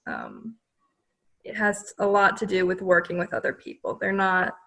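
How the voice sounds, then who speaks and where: A young woman joins a podcast as a guest, talking casually and hesitantly, with plenty of fillers. Her voice has a gravelly fry to it. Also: fairly low pitch, wildly swooping pitch, normal speed, a bit bright. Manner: hesitant, lots of fillers, self-deprecating. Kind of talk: casual chat.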